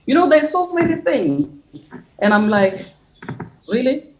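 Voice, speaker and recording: A woman from Uganda, a guest on a call from her living room. She gives an earnest, halting personal account with many restarts and repeated phrases. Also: sits high, expressive, low-quality recording. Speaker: interview guest. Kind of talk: personal testimony. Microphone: video or phone call from home.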